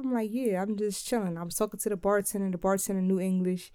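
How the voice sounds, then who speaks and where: A young woman from Philadelphia casually telling a travel story in a laid-back, slangy, animated way. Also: mid-range voice, quick pace, hardly any pauses, clear, resonant tone, no echo, clean studio sound.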